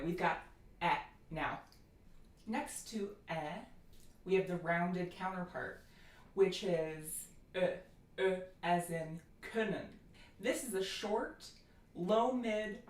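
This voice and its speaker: A woman with an American accent giving a phonetics lecture, explaining and slowly demonstrating vowel sounds. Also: lowish voice, lively intonation, echoey room. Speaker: language teacher.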